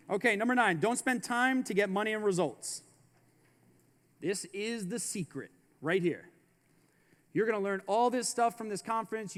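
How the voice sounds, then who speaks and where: A man with a high voice delivers a motivational business keynote in a large conference hall, and his words ring out with a long reverb. He presses his points hard, repeats his catchphrases and tosses in casual slang between them. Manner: emphatic, repeats slogans, slangy asides. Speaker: keynote speaker.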